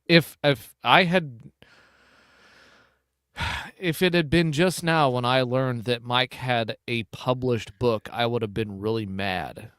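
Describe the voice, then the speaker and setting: A man's voice: medium pitch, takes it slowly, fairly bright tone, clear, resonant tone, dry recording, clean studio sound. A middle-aged man hosting a casual hunting podcast, rambling and often breaking off to restart his thoughts. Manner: rambling, self-interrupting. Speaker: podcast host. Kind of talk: casual chat.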